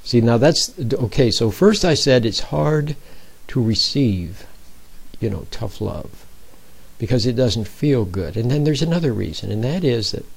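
Gravelly, husky man giving a talk. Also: mid-range voice, lively intonation, measured pace, rough recording. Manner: informal, checks in with listeners with repeated "see?". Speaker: speaker giving a Bible talk. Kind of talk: conversational sermon.

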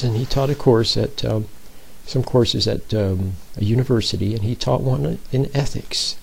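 Husky guy doing a chatty bible talk, kinda rough breathy voice. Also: on the low side, a little mellow, low-quality recording. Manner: informal, checks in with listeners with repeated "see?". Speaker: speaker giving a Bible talk. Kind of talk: conversational sermon.

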